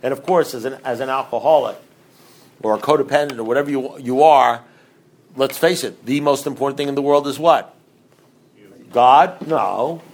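A middle-aged man speaks to a recovery group in an easy, rambling way, with a voice of ordinary pitch. He keeps turning to the room with questions. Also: normal speed, long pauses. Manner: rambling, conversational, asks the audience questions.

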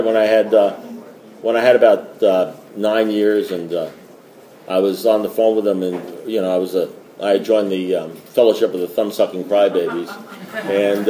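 Rambling, joking man with a mellow voice. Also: on the low side, reverberant. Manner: rambling, joking, repeats himself. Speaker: speaker at a recovery meeting. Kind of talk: storytelling recovery talk.

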